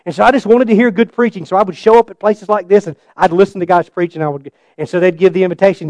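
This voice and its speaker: A middle-aged man preaching a sermon and telling his own story, swinging between loud bursts and hushed asides. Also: high-pitched, fast talker, hardly any pauses, no echo, clean studio sound. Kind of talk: sermon with personal testimony.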